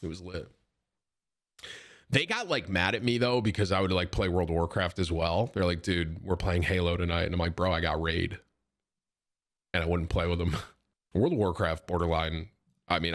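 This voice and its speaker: A man's voice: sits low, fairly bright tone. A man in his thirties, a streamer chatting casually at a desk mic, rambling with many restarts and frequent laughs. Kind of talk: casual chat.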